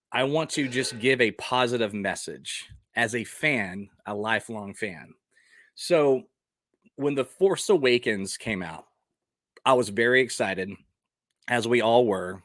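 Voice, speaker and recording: A man's voice: mid-range voice, measured pace, long pauses, a bit bright, dry recording, clean studio sound. A man in his forties giving his blunt, passionate opinions in a casual vlog, often throwing out rhetorical questions. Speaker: vlogger.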